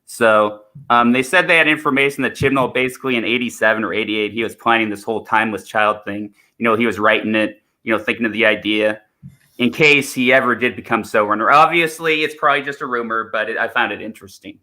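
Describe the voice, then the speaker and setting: A man's voice: fairly low pitch, fast, bright, forceful tone. A man hosting a stream, chatting casually and eagerly with his guest. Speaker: stream host. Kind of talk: casual chat.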